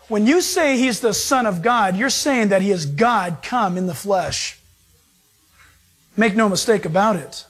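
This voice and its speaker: A man preaching a sermon as a pastor, emphatic and animated. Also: high-pitched. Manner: emphatic, animated preaching that acts out quoted voices.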